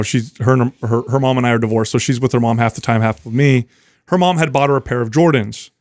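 A middle-aged man telling a story on a podcast, his pitch sitting right in the middle of the male range. He is animated and acts out quoted lines in other voices. The recording is close and dry. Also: no echo. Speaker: podcast host, trainer. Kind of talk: casual storytelling.

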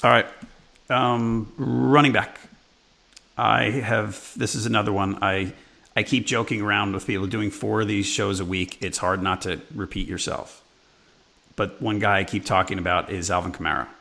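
A man from New York hosts a casual sports podcast in a low voice with a gravelly fry. His tone is bright and forceful. He talks conversationally and trails off mid-thought. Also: fairly even intonation, moderate pace. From New York, USA. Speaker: podcast host.

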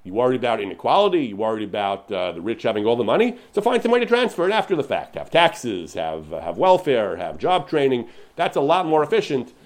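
A man giving an unscripted lecture on religious law, paraphrasing sources with lively emphasis and frequent restarts. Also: medium pitch, quick pace, hardly any pauses. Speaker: lecturer on Jewish law and history.

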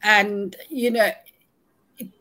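A woman recounting a personal ordeal in an interview, halting and restarting often, audibly shaken but holding herself together. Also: medium pitch, steady tone, pushed and bright. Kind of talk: emotional first-person storytelling.

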